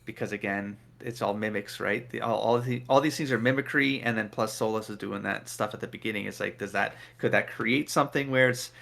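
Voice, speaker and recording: A man's voice: on the low side, fairly quick, creaky, hardly any pauses, a bit bright. A man in casual discussion, speculating freely and laughing through his words. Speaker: discussion panelist. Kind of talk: casual chat.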